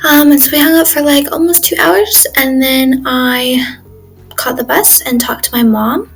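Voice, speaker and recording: A teenage girl chats through her day for a video diary, her voice sitting a little high. She rambles and fills gaps with "like" and "um" as she goes. Faint music plays underneath her. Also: a little slow, vocal fry, low-quality recording. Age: teens. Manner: chatty, rambling, lots of "like" and "um". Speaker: exchange student vlogger.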